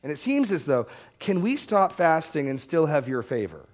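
A man's voice: on the high side, big pitch swings, normal speed. A man preaching a Bible-teaching sermon in a conversational way, often repeating words as he restarts a thought.

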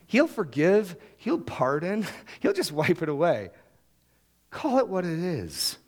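A man's voice: fairly high pitch, normal speed, pauses often. Guy preaching a sermon, bouncy up and down delivery, acts out the quotes. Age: adult, married. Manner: lively preaching, acts out quoted prayers and excuses. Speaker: pastor.

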